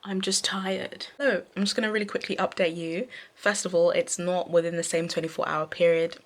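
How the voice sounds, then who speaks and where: Chatty young woman, gravelly voice. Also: fairly low pitch, level tone. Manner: chatty, rambling, lots of fillers and quick asides. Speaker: book vlogger. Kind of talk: casual reading vlog chat. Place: bedroom at night.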